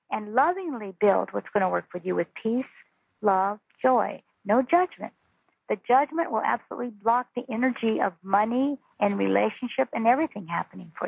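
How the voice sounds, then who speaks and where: A woman's voice: a little high, vocal fry, husky, no echo. A woman spiritual teacher on a phone interview, talking in an earnest, repetitive, emphatic way. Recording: tinny phone line.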